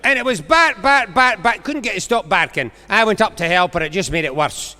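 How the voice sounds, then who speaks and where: A Scottish man doing a stand-up comedy monologue on stage, telling jokes and acting out quick exchanges. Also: sits high, big pitch swings, sharp tone. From Scotland. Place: large concert hall on stage. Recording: live hall recording with long reverb.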